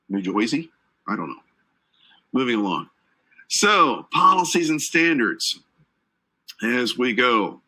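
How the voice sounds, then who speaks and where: A man's voice: fairly low pitch, animated, unhurried, pauses often, sharp tone, rough recording. A man instructor giving a live online training lecture, chatty and joking with his audience between points. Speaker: certification exam instructor. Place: based in Atlanta.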